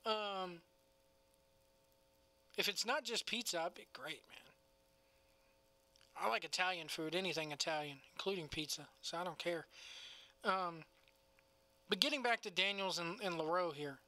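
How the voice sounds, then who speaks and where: A man's voice: high-pitched, normal speed, long pauses, bright, forceful tone. A man co-hosting a casual wrestling review podcast, laughing often and talking in a loose, cussing way. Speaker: podcast co-host.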